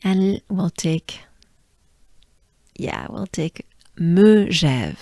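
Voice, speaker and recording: A woman from France with a French accent, patiently teaching pronunciation, repeating sounds slowly. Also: fairly low pitch, mellow, no echo, clean studio sound. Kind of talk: pronunciation lesson.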